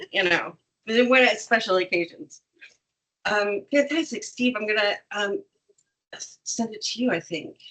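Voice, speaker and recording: A woman leading an improv name game on a video call, playful and quick to laugh. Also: medium pitch, expressive, fairly bright tone, rough recording. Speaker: workshop facilitator.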